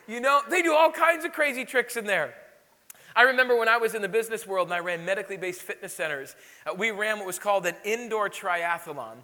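A man preaching a sermon as pastor, telling stories with animated exclamations. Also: sits high, fairly quick, in a large hall. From Illinois. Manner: animated storytelling, lively exclamations.

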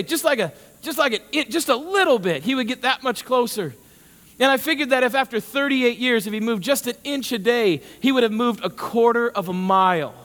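Casting: a high-pitched male pastor, chatty and animated, with a long hall echo. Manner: conversational, repeats words, gets animated. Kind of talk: sermon.

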